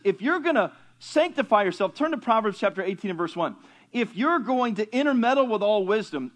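Male pastor with a high voice, teaching scripture conversationally, quizzes and teases the class. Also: fairly bright tone. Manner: conversational, asks the class questions, jokes with listeners. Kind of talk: teaching sermon.

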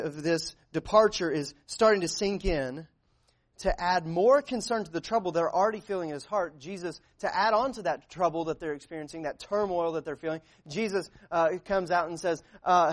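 A man's voice: on the high side, moderate pace. A man preaching a sermon as pastor, earnest, with frequent fillers and restarts.

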